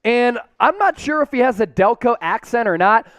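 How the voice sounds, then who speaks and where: A man hosting a fan watch-party stream, calling plays and reading out chat shout-outs with hyped cheers. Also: very high voice, animated, normal speed, no room sound.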